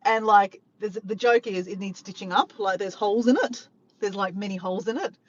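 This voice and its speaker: A woman vlogger telling a funny story to her viewers, animated and laughing, swearing freely. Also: mid-range voice, brisk, muffled recording, slight background noise. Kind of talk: casual storytelling to camera.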